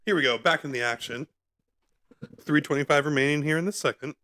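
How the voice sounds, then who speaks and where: A man live-streams from home, giving casual, chatty play-by-play commentary with frequent asides and fillers. His voice is on the high side and a little fast, captured by a close microphone in front of his face.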